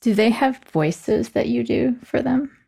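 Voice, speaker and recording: A woman's voice: on the high side, expressive, a little slow, gravelly, dark tone, slightly rough. A woman hosting a podcast, asking questions and reading the outro in an upbeat, lightly joking way. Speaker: podcast host.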